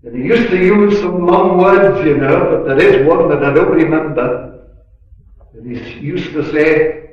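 A man giving a sermon at a gospel meeting, earnest and unhurried, swelling on key words and dropping in chatty asides. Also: fairly high pitch, a little mellow. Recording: echoey room, distant mic, dull lo-fi.

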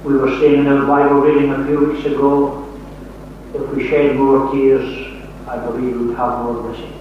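An older man preaching a sermon, slow and emphatic, swinging from raised phrases down to near-whispers. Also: mid-range voice, little pitch movement, slight background noise. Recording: far-off, echoey, dull old hall recording.

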